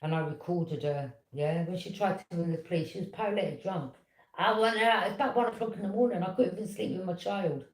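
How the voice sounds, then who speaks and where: A woman, telling a personal story in a casual, animated and indignant way, with quick "yeah?" asides. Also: fairly low pitch. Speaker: tarot reader. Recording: echoey room.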